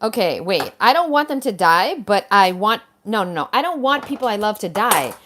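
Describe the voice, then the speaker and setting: A woman's voice: medium pitch, very animated, normal speed, hardly any pauses, fairly bright tone. A woman hosting a livestream, answering a viewer comment in a blunt, heated, swearing rant. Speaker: livestream host.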